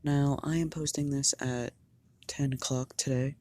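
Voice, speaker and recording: A fan storyteller improvising a story narration, halting and often repeating words. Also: medium pitch, fairly even intonation, darkish tone.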